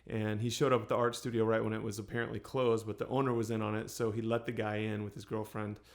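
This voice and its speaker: A singer-songwriter chatting in a relaxed, unhurried way, with many pauses and fillers. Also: male voice, lowish voice, creaky. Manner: soft, unhurried, with many ums and restarts. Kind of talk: relaxed storytelling between songs.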